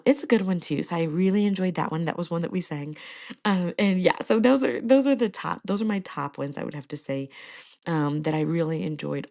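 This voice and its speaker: A woman's voice: fairly low pitch, vocal fry, a little mellow. A woman hosting her own podcast in a casual, chatty way, her voice scratchy from being sick. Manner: chatty, bubbly, breaks into short sung snippets. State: scratchy voice from illness. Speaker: podcast host. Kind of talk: casual solo podcast chat.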